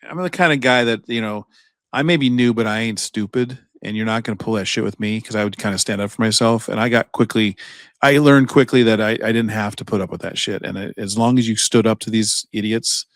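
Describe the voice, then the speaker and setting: A man's voice: lowish voice, fairly quick, no echo. Profane storytelling man, dry sound. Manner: profane, animated anecdote-telling. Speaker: podcast co-host. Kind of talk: casual storytelling chat.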